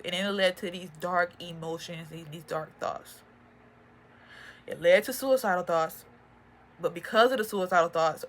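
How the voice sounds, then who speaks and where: A woman's voice: on the low side, fairly bright tone. Emotional young woman giving testimony. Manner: earnest, halting, many fillers and restarts. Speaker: faith and motivation vlogger. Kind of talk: personal testimony.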